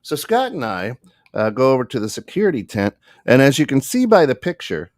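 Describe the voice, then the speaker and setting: A man's voice: mid-range voice, no echo, studio quality. A man co-hosting a podcast, telling a story in a casual way and acting out the other people in it. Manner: animated, acts out the other people in his story. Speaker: podcast co-host.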